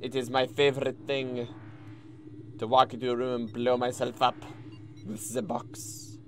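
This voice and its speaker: A man voicing a gleeful male enemy soldier who loves blowing himself up, in an exaggerated, deliberately bad mock French accent. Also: medium pitch, flat delivery, soft background music, close to an everyday voice.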